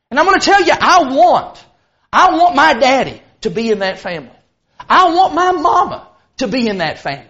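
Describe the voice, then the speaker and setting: A man preaching a sermon to a church assembly, emphatic and full of dramatic pauses and stressed words. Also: very high-pitched, fairly bright tone, highs cut off.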